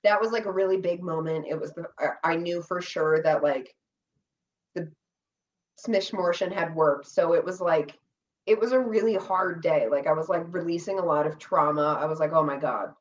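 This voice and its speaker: A woman chatting casually on a podcast, telling a long story with animated delivery, quoting herself and others and swearing freely. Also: lowish voice, moderate pace, recorded from a distance, dull audio. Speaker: podcast co-host recounting reality show experience. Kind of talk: casual chat.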